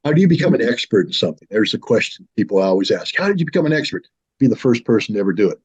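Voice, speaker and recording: A man in his sixties from the United States, telling a personal story in a casual, animated way on his own show. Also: on the low side, racing, husky. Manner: animated, with lively mimicry of others. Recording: slightly dull lo-fi sound.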